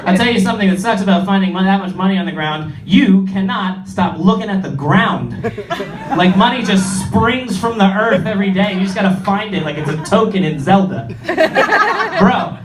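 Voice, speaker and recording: A young male comedian performing stand-up with a wildly lively pitch, swinging between big highs and low asides. He sounds distant, in a roomy club with a crowd around him. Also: moderate pace. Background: audience laughter.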